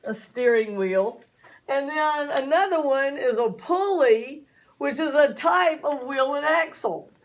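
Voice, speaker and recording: A woman's voice: high-pitched, lively intonation, takes it slowly. A woman teacher giving a chatty classroom lecture, often asking her students questions.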